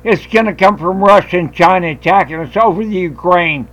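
Man, talk radio host, high voice, combative, swearing, loud rant. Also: brisk, rough recording.

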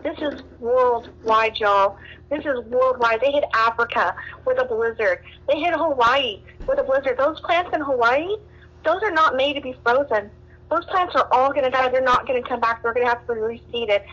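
A woman's voice: high voice, a little fast, fairly bright tone, muffled recording. A woman from Southern California calling in to a radio talk show, upset and rambling with many fillers and restarts. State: distressed. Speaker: caller.

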